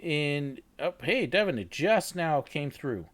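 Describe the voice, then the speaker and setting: This man speaks slowly in a fairly high, expressive voice. He's hosting a live chat, joking around, laughing easily, answering viewers and sharing stories from work.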